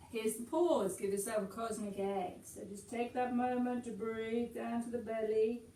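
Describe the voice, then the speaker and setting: Female yoga teacher, calm and chatty, encouraging; distant mic in an echoey room. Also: fairly high pitch, a little hiss or hum. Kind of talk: guided yoga class.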